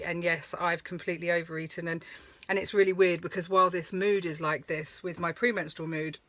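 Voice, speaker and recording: A woman talks openly to her vlog audience. Her voice sits a little low but rings bright and forward. She rambles, swears freely and laughs as she goes, and the recording is close and dry. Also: no echo. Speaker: vlogger. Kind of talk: candid chatty vlog. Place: touring stop at a countryside campsite.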